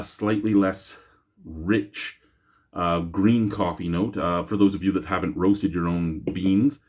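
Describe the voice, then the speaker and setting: A man with a deep, slightly rough voice and darkish tone hosts a casual beer review vlog. He's chatty and meandering, full of self-deprecating humor. The sound is captured by a camera mic, without a lapel mic.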